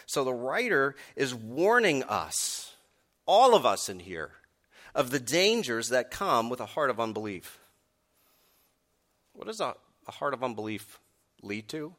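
Male pastor, sermon delivery, bright forceful tone, swings from calm teaching to emphatic punches. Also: mid-range voice, measured pace, pauses often. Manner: emphatic, rising to forceful peaks on key points.

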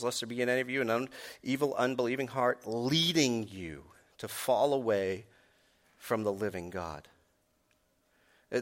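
A man pastor preaching a sermon to his congregation, building from measured explanation to emphatic, forceful declarations. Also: on the low side. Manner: emphatic, rising to forceful peaks on key points.

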